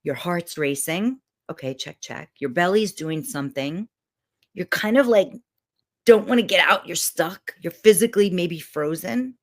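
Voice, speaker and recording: Animated woman giving a motivational talk. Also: on the low side, measured pace. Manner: animated, guides listeners through exercises. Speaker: motivational speaker.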